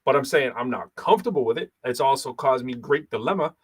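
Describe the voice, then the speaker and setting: A man in his thirties hosting a casual talk show, animated, laughing often and talking with many fillers. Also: medium pitch, fast talker, breathy edge. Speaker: podcast host and battle rapper. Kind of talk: casual chat.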